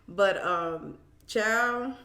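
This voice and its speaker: A woman's voice: medium pitch, lively intonation, extremely slow, bright, forceful tone, reverberant. Chatty woman greeting her stream viewers. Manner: chatty, greets viewers by name, calls them child and boo. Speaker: live stream host. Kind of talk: casual live chat.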